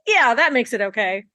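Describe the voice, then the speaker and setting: A woman's voice: a little high, pushed and bright, dry recording. A woman co-hosting a podcast, giving her opinions bluntly and emphatically. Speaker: podcast co-host. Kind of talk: casual podcast chat.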